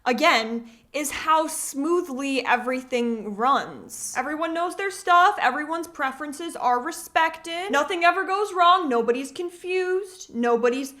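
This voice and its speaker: A woman hosts reaction commentary in a sarcastic, animated way, often laughing at her own jokes. Her voice is high and bright, with a forceful sparkle. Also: unhurried, hardly any pauses. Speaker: commentary host.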